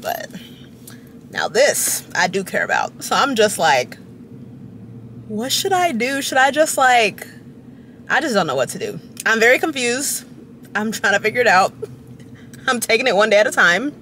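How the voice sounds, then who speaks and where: A young woman chatting to camera from her parked car, rambling and giggly with dramatic high squeals. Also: very animated, moderate pace, bright, forceful tone, slight background noise. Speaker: vlogger. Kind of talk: casual chat to camera.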